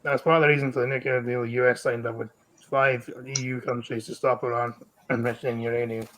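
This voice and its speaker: A man's voice: mid-range voice, level tone, fairly quick, a bit bright, poor audio. A Scottish man reading the news on a live stream in a blunt style, swearing freely. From Scotland. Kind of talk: casual chat.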